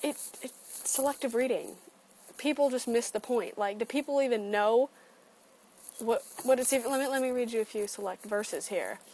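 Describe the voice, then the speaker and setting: A woman vlogger with a fairly high voice rants at normal speed, animated, sarcastic, and swearing heavily in an opinion video. It's captured on a computer webcam, so the recording is low quality with some faint background noise.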